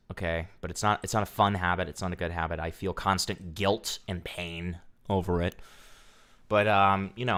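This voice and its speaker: A man's voice: low voice, fairly bright tone. A young man streaming casually, telling a profane, ranting story to his chat.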